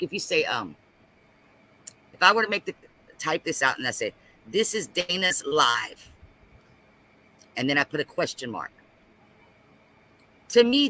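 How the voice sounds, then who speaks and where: Bright-voiced man ranting on a live stream. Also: on the high side, slight background noise, low-quality recording. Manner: animated, repeats himself, ranting. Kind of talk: casual live stream chat.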